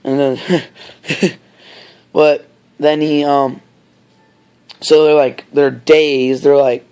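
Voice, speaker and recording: A man's voice: on the high side, steady tone, slow pace, long pauses, darkish tone, clean tone. A man casually retelling a story, rambling with many fillers and side comments.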